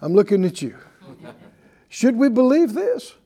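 High, mellow-voiced preaching man. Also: sing-song, measured pace, breathy edge. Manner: emphatic call-and-response preaching. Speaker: pastor. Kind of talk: sermon. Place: church before a live congregation.

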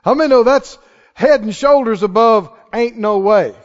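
A man preaching a sermon in a church, acting out the quoted voices of others and rising to shouts of conviction. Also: very high voice, normal speed. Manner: animated, acts out quoted voices, rises to shouts. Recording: reverberant hall, dull lo-fi sound.

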